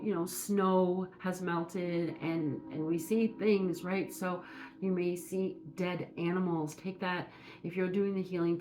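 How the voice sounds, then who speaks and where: A woman from Minnesota giving a casual spiritual message, talking in a meandering, halting way with many fillers. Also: lowish voice, a little mellow. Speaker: spiritual reader.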